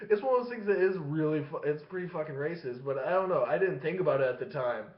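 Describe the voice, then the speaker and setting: A man's voice: on the high side, animated, fairly quick. A man casually telling a long profane story to his webcam, rambling and laughing between phrases. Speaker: vlogger. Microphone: webcam facing him. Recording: echoey room, dull lo-fi sound.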